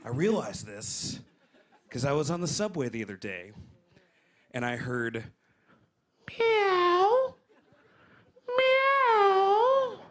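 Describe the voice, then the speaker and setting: A man in his twenties doing a stand-up set, animated and jumping into loud put-on voices. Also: mid-range voice, a little slow, pauses often. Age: 20s. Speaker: stand-up comedian. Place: comedy club stage. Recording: live club recording with crowd laughter. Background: audience laughing.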